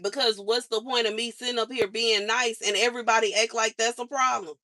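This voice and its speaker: A woman's voice: a little high, fairly even intonation, a little fast, hardly any pauses, bright, forceful tone. A young woman venting her frustrations on a livestream in casual, slangy speech, complaining over and over.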